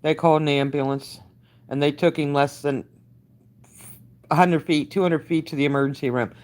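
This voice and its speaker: An older woman giving a halting, emotionally worn-out live update, greeting her viewers by name and using many fillers. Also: sits low, steady tone, a little mellow, soft background music. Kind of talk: live-stream chat update.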